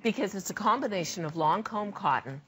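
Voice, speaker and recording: Enthusiastic older woman pitching on TV. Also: expressive, a little fast, fairly bright tone, slight background noise. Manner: enthusiastic, emphatic, persuasive. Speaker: designer and brand founder. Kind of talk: home shopping sales pitch.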